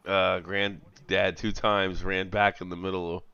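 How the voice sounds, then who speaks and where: A man's voice: low-pitched, level tone, measured pace, creaky, pushed and bright, clean tone, lo-fi sound. A man hosting a live stream, rambling and laughing in casual chat and swearing freely. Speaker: stream host.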